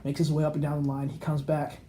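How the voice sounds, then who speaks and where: He's a fast talker with a higher-leaning voice, co-hosting a podcast and rambling through a long anecdote while performing the quotes of everyone in it. The audio carries a little hiss or hum.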